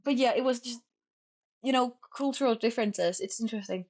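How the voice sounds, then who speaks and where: A young woman from Finland with a Finnish accent, chatting casually on stream, talking fast and sloppily and stumbling over her words. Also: a little high, darkish tone. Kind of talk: casual chat.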